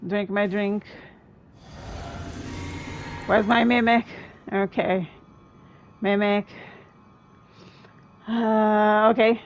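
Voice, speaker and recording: A woman streaming a video game, reacting excitedly to boss fights and chatting to her viewers. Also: medium pitch, drawn-out words, long pauses, dull audio, soft background music. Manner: excitable, exclaims often, thanks viewers. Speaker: gaming streamer. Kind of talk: live gameplay commentary.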